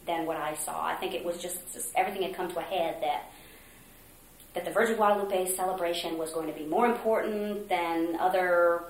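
A woman from Mexico being interviewed, earnestly recounting a story, acting out quotes with hesitant pauses. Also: fairly low pitch. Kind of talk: oral history interview. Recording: roomy echo, faint noise.

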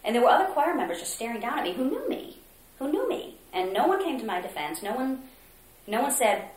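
A woman from Mexico being interviewed, earnestly recounting a story, acting out quotes with hesitant pauses. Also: on the high side, sing-song. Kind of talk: oral history interview. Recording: roomy echo, faint noise.

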